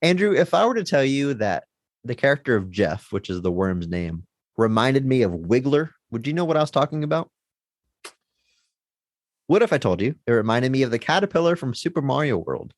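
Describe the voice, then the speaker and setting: This podcast co-host is an enthusiastic man whose ordinary mid-pitched voice comes through dry and close-miked. He chats casually, very animated and fairly quick, laughing often as he goes.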